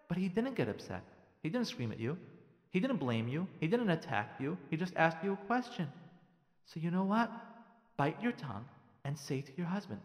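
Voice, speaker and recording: A man, a rabbi, giving marriage advice in a radio talk, animated and repeating lines for emphasis while acting out the dialogue he describes. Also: high-pitched, brisk, in a large hall.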